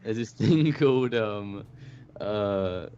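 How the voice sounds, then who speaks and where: A man chatting casually on a podcast, pausing often and filling gaps with "um" and "uh". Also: fairly low pitch, animated, warm tone, smooth. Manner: hesitant, searches for words with many fillers. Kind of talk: casual chat. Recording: dull lo-fi audio.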